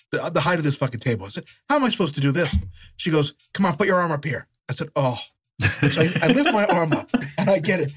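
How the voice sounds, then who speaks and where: A man co-hosting a podcast, telling a story in a lively, animated way, acting out voices and laughing as he goes. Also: fairly high pitch, husky. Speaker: podcast co-host. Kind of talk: casual storytelling chat.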